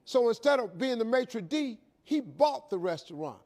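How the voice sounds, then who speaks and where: A man's voice: extremely high pitch, big pitch swings, normal speed, a little mellow. A middle-aged man telling a folksy, emphatic, preacher-like story to a live audience as a motivational speaker.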